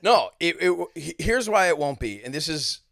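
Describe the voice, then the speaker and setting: A man's voice: on the high side, very animated, normal speed, vocal fry, a bit bright, no echo, clean studio sound. A man co-hosting a wrestling podcast, a manager himself, talking casually, candid and a bit boastful.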